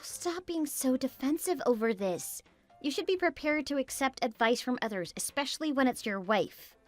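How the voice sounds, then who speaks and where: A woman's voice: high-pitched, animated, normal speed, soft background music. A synthetic female voice reading a worried wife who presses her husband with anxious questions in a text-message story.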